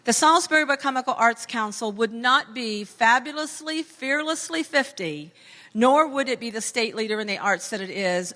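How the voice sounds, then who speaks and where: A woman's voice: on the high side, pushed and bright. A woman reading a formal tribute to an award winner, stressing each point of a long list for effect. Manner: emphatic, builds lists for effect. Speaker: award presenter. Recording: long hall reverb.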